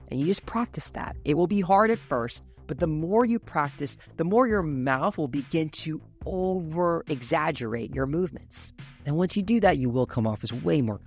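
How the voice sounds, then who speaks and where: A man giving clear, emphatic coaching tips as a public speaking coach. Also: a little high, lively intonation, moderate pace, faint music behind. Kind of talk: instructional talk to camera.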